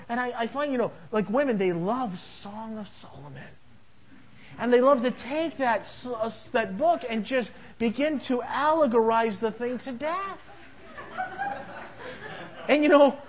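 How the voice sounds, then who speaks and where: High-voiced joking male preacher. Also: rough recording. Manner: anecdotal, jokey, acts out dialogue. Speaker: pastor. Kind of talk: sermon.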